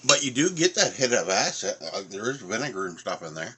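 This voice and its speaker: A man's voice: lowish voice, sing-song, brisk, very noisy. A middle-aged man from Nova Scotia with an Atlantic Canadian accent, chatting casually through a food tasting review with lots of fillers. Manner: rambling, many fillers, talks while eating.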